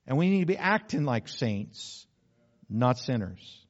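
A man, a pastor, preaching a sermon in an earnest way, slowing down to stress key words. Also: mid-range voice, very animated. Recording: slightly dull lo-fi sound.

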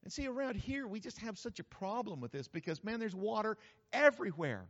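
A man from New Mexico, a pastor preaching a sermon in a folksy, humorous, animated storytelling manner. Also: sits high, fairly quick. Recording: reverberant hall, slightly dull sound.

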